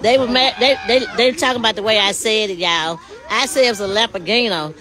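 A woman chatting casually on a phone live stream, animated and talking straight to her viewers, outdoors at night and then inside a car. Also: a little high, fast talker. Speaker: livestreamer showing a car. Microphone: phone held in hand.

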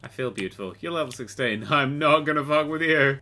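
A young man commentating a survival game, excitable and sweary, often shouting at the creatures he fights. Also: a little high, brisk, soft background music. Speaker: gaming host. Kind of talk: let's play commentary.

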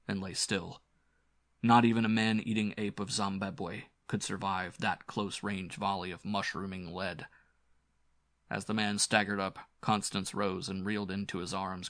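Dramatic low-voiced male horror narrator. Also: fairly bright tone, dry recording, studio quality. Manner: dramatic, intense storytelling. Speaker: audiobook narrator.

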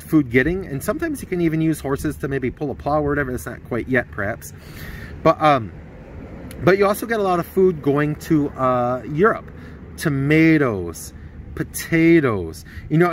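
A man's voice: on the high side, slight background noise. A male history teacher giving a recorded lecture in a loose, conversational way, with fillers, restarts and rhetorical questions.

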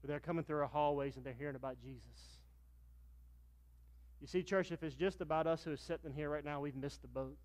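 A man's voice: on the high side, fairly even intonation, a little fast, darkish tone. A middle-aged man, a pastor preaching a sermon and telling stories, acting out the dialogue in them. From Virginia, US. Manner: storytelling, acts out dialogue with raised voice.

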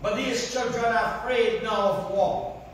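Male preacher, high voice, slow sing-song sermon, sounds far off in a big echoey hall. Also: steady tone, a little hiss or hum. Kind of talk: sermon with illustrative stories. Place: church service hall.

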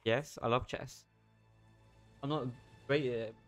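A man of ordinary pitch chats while gaming, keeping his remarks dry and matter-of-fact. Soft game music can be heard underneath. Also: steady tone, unhurried. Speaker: gamer. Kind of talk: casual gaming chat.

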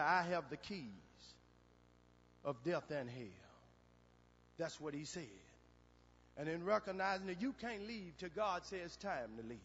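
Man preaching a funeral sermon, gravelly voice, high pitch, whooping shouts, muffled recording.

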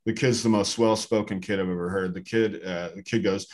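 A man doing stand-up comedy on a club stage, telling a story in a deadpan way and acting out the characters. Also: low-pitched, brisk, hardly any pauses.

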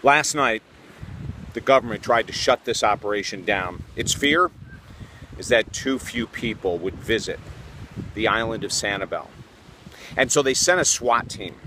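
A man's voice: fairly low pitch, measured pace, pauses often, pushed and bright, a little hiss or hum. A man playing a field reporter in a comic mock news report, with a dramatic, mock-serious delivery, speaking outdoors by the water.

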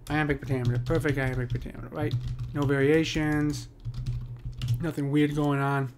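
A man's voice: mid-range voice, fairly even intonation, normal speed, noisy background. A man walking through a poem's meter in a casual screen-share lesson, with lots of fillers and "right?" checks. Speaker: poetry teacher.

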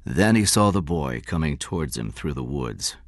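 A man narrating an audiobook story in a measured, expressive way. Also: extremely low pitch, dry recording, clean studio sound. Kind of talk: scripted narration.

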